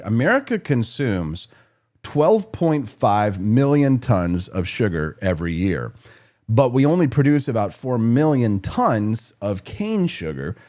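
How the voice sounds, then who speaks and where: A male talk-show host riffing through the news in a conversational, sarcastic tone. His pitch swings widely as he jokes and asks rhetorical questions. The voice sits at a medium pitch. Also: a little mellow. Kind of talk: political talk show monologue.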